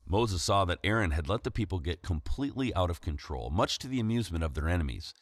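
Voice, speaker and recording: A man preacher reading scripture aloud in a measured way, then explaining it in a sermon. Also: low-pitched, very animated, no room sound.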